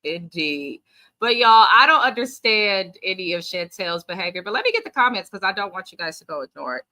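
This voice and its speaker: A woman hosting a casual live-stream recap of a reality show, talking in an animated, sassy way and reading out viewer comments. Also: medium pitch, a little fast.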